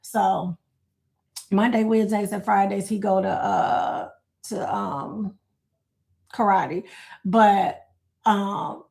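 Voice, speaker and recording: A woman's voice: mid-range voice, steady tone, slow, creaky, long pauses, a little mellow. A middle-aged woman hosting a casual livestream, chatting, reading viewer comments aloud and laughing often. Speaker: livestream host.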